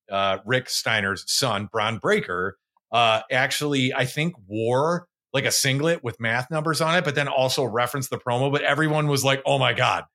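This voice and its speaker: A man co-hosting a podcast in casual chat, laughing often and restarting his sentences in quick bursts. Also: mid-range voice, sharp tone. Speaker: podcast co-host.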